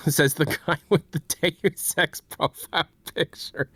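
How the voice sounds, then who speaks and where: A man's voice: a little high, slow pace, dry recording. A man chatting casually on a livestream, joking with his chat and trying out impressions. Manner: joking, does impressions, lively. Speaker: streamer.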